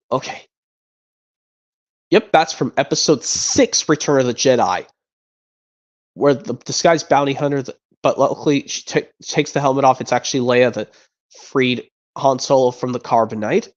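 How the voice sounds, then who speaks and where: A man's voice: medium pitch, moderate pace. A man streaming, chatting casually and rambling with frequent restarts and repeated words. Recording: dull lo-fi sound.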